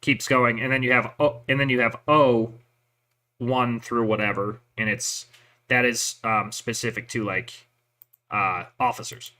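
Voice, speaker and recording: A man's voice: mid-range voice, steady tone, a little slow, bright, forceful tone. A man and army veteran telling stories in profane, rambling casual chat. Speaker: veteran chatting with a listener.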